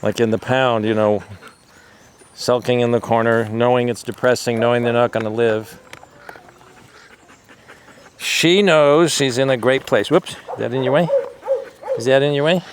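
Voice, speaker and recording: A man talks to rescue dogs in a coaxing, affectionate way and now and then explains things to the camera. He is recorded outdoors at a sanctuary. Steady background noise and barking come through. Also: medium pitch, unhurried, long pauses. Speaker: animal rescuer. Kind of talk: casual talk to dogs and camera.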